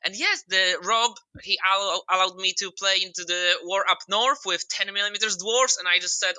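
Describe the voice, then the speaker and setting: A man's voice: high voice, moderate pace, few pauses, sharp tone, no room sound, poor audio. A young Polish man with a Polish accent chatting modestly in a podcast interview, with some non-native grammar. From Poland. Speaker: podcast guest. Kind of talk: casual interview chat.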